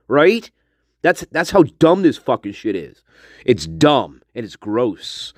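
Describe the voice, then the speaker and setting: A man ranting on a livestream, firing off profane rhetorical questions with a lively, swooping pitch. His voice is recorded close and dry, with no room sound around it. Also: takes it slowly, no room sound. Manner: greets chat viewers by name. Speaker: livestream host. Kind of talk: casual livestream rant.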